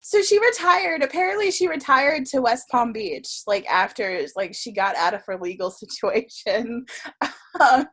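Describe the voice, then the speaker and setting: A woman's voice: a little high, animated, unhurried, a bit bright, slightly rough. A woman guest telling a story in a casual interview, chatty and full of fillers, laughing often. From Florida. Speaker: guest, tarot reader and writer.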